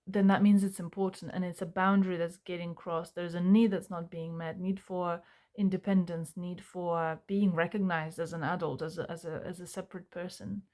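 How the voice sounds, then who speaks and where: Earnest woman with a lowish voice. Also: flat delivery, a little mellow. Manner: earnest, halting, many fillers and restarts. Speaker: self-help vlogger. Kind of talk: reflective personal talk to camera.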